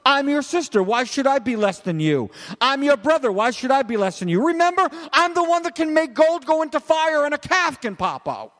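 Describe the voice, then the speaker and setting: A preacher putting on a mocking, whiny voice for a jealous biblical sister and brother. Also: male voice, sits high, very animated, normal speed, few pauses, a little mellow, voice pushed up. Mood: whiny boastful. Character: indignant jealous biblical siblings, a sister and brother, petty and boastful. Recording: long reverb of a large hall.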